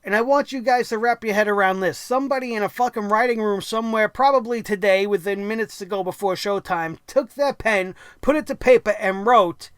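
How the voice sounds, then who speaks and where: A man's voice: high voice, a little fast, clean tone, dry recording, clean studio sound. A man hosting a wrestling review show, ranting angrily and sarcastically with lots of profanity.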